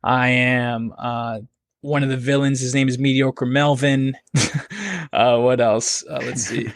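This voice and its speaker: A man's voice: medium pitch, little pitch movement, a little slow, dry recording, clean studio sound. A man, a guest comedian and actor, talking casually and rambling with many fillers and laughs. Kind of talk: casual podcast conversation. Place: home, near Philadelphia.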